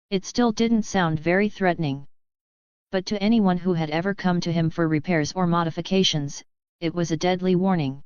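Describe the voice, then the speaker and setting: Woman narrator, audiobook reading, even and measured, lowish voice, dry dull recording. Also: clear, resonant tone, no room sound. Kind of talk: scripted narration.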